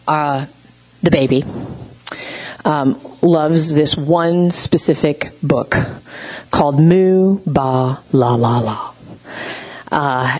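A woman speaks in a relaxed, conversational teaching style, full of fillers and lively storytelling. Her voice sits somewhat low for a woman. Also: poor audio. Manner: chatty, heavy on fillers, animated storytelling. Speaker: speaker teaching on gentle communication. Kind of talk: casual teaching talk.

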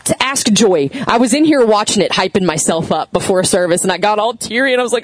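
A woman's voice: mid-range voice, moderate pace, slight background noise, rough recording. Woman preaching a conversational sermon. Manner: conversational, animated storytelling with audience questions. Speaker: pastor.

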